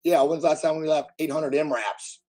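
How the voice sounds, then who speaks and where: A man from the United States ranting bluntly at his live chat, his voice hoarse and damaged after covid, talking loudly so he can be heard and swearing freely. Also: fairly high pitch, fairly quick, low-quality recording. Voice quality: husky, strained. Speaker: livestreamer answering chat. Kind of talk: casual live-stream rant.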